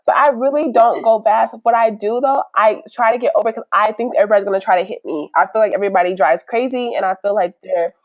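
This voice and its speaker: A young woman hosting a podcast in casual chat, lively and quick to laugh, acting out what other people said. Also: medium pitch, dry recording, lo-fi sound. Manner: animated, laughs often, acts out what others said. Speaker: podcast host. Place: indoors, with family nearby.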